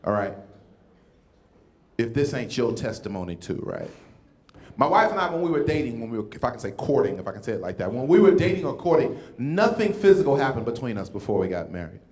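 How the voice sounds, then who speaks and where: A man's voice: mid-range voice, sing-song, brisk, a little mellow, echoey room. A man doing stand-up comedy as a comedian and pastor, teasing the crowd and checking in with a repeated "right?".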